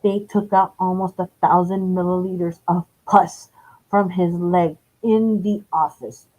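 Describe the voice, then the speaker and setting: A woman's voice: on the low side, steady tone, measured pace, a little mellow. A woman, telling a long story on a live stream in a rambling, profane way, correcting herself as she goes. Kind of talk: casual storytelling. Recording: dull lo-fi stream audio.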